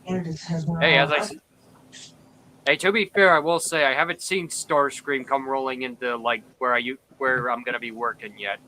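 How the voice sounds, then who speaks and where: A man on a video call talking in a halting way, often restarting his sentences in casual chat. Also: medium pitch, fairly even intonation, sharp tone, rough recording. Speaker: guest.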